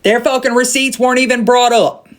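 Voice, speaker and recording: A woman's voice: on the high side, steady tone, fairly quick. Blunt, profane Southern woman ranting. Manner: profane, blunt, repeats points for emphasis. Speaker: livestreamer. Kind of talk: heated livestream rant.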